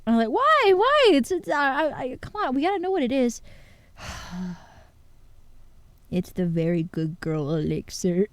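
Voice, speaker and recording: A woman streaming casual chat to her viewers, excitable and full of filler words. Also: fairly high pitch, measured pace, pauses often, no echo.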